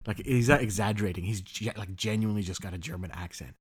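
A man's voice: on the low side, quick pace, breathy edge. A man co-hosting a podcast in casual chat, laughing often and swearing freely. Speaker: podcast co-host.

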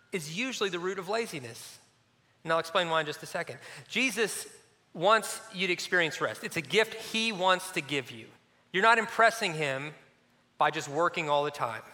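High, bright-voiced male preacher. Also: normal speed, big-room sound. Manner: animated storytelling with sudden drops to a soft near-hush. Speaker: pastor. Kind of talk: sermon.

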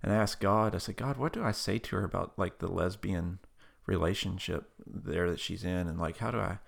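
A man's voice: deep voice, a little fast, creaky. A man who is a guest on an interview, earnestly telling a personal faith story and praying aloud in a conversational way. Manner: earnest, conversational, with frequent "like" fillers.

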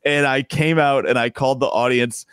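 A man's voice: mid-range voice, steady tone, moderate pace, fairly bright tone, smooth, no room sound. Rambling, laughing male comedian. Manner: rambling, self-interrupting, laughs often. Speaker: stand-up comedian guest. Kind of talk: casual podcast interview.

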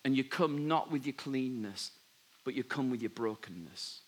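A man preaching a sermon, telling a Bible story with lively asides and dropping softly when he gives God's words. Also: medium pitch, moderate pace, breathy edge. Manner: animated storytelling, drops to soft voice for God's words. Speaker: pastor.

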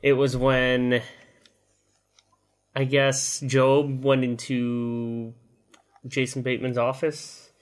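A man's voice: mid-range voice, completely flat delivery, slow pace, long pauses. A man co-hosting a podcast, telling a story in a loose, rambling way. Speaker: podcast co-host. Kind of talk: casual chat.

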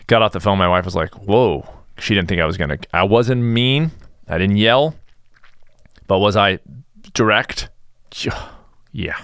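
A man's voice: sits low, fairly bright tone, clear, resonant tone, no echo, studio quality. A middle-aged man hosting his own podcast, telling a story in a blunt, casual monologue. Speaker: podcast host.

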